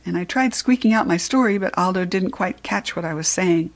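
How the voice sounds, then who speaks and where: A woman narrating a children's storybook in the first person with an expressive read-aloud delivery. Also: lowish voice, moderate pace. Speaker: storybook reader.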